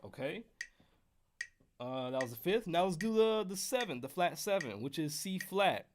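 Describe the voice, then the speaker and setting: A man's voice: on the high side, expressive, moderate pace, soft background music. An American man teaching trumpet scales on a live stream, casual and joking with the chat. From United States. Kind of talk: live-streamed music lesson.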